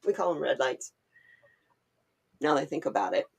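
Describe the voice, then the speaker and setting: A woman from Oregon chatting casually on a livestream, telling animated stories and laughing often. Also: very deep voice, normal speed, vocal fry, breathy edge. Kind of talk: casual chat.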